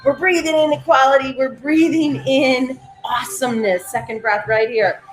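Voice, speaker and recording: A middle-aged woman leads a live-streamed breathing and affirmation session with an energetic, encouraging drive, calling out viewers by name. Her voice sits in a roomy, echoey space. Faint music plays underneath. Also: high voice, moderate pace.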